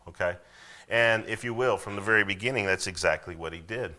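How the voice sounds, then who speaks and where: A man's voice: on the low side, fairly quick, bright, forceful tone. A man preaching a sermon in a conversational way, with frequent asides and calls for the congregation to recite verses with him. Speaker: pastor.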